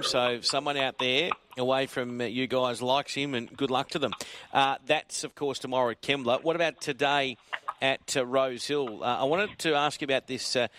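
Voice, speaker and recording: A man's voice: medium pitch, fairly bright tone, no echo. A man hosting a radio racing interview, casual, now and then stumbling over horse names.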